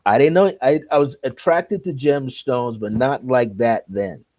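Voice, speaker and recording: A man's voice: mid-range voice, unhurried, a little mellow. A man telling a personal story as an interview guest, acting out the dialogue and laughing often.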